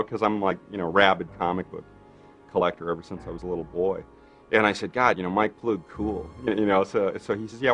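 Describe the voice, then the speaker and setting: A man in an interview telling anecdotes animatedly, acting out quoted dialogue with many fillers. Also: lowish voice. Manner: animated, acts out quoted dialogue, frequent "you know". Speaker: interviewee recalling film work. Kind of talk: anecdotal storytelling.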